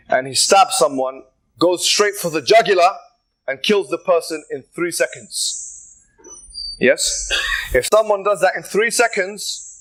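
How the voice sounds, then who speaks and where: A man debating in public, laying out his argument in a measured way and building it from examples. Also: sits high, fairly bright tone, rough recording. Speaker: street debater.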